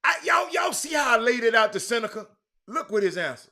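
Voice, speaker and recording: A man with a Houston accent hosts a sports talk stream, calling out viewers by name and repeating himself as he gets worked up. His voice sits high and bright and swings widely in pitch. He talks loudly and excitably throughout. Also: fairly quick. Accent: Southern US, Houston. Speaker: sports talk show host. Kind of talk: animated live-stream sports talk, reading viewer comments.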